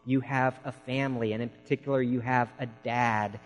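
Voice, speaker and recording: A man's voice: mid-range voice, steady tone, moderate pace, long reverb tail, rough recording. A man preaching a sermon, telling folksy stories in an earnest way.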